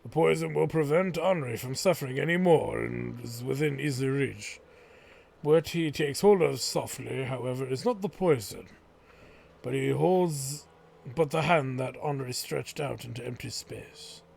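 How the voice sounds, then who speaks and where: A man, the host of a let's play, narrating a game's story in a slow, measured storytelling read. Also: medium pitch, creaky, darkish tone, husky. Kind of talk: slow dramatic narration of game text.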